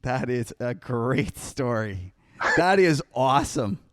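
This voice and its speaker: A man's voice: mid-range voice, expressive, slow pace, no room sound, clean studio sound. A man hosting a podcast, reacting with short words of approval to a guest's story. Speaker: podcast host. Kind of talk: casual chat.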